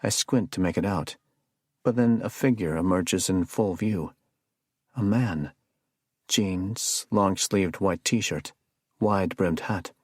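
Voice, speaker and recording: A man narrating a first-person suspense audiobook in a measured storytelling delivery. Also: deep voice, husky, no room sound, studio quality.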